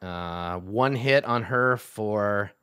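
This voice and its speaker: A man narrating a tabletop game as game master, relaxed and chatty, with many fillers. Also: fairly low pitch, extremely slow, slight background noise.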